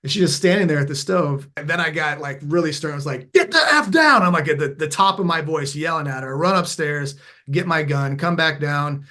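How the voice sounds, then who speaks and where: A man's voice: fairly high pitch, brisk. A man as a podcast guest, telling a candid personal story in an earnest, reflective way and often restarting his phrases. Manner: animated when acting out past moments. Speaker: podcast guest, veteran turned mindfulness coach.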